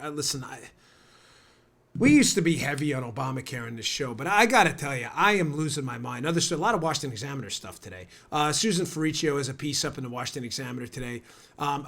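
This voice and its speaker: A stuffed-up man hosts a talk show in a high, bright voice that swings up and down a lot. He rants and mocks with heavy sarcasm. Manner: sarcastic, ranting, mocking. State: stuffed up from a cold. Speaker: political talk show host. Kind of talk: opinionated talk show monologue.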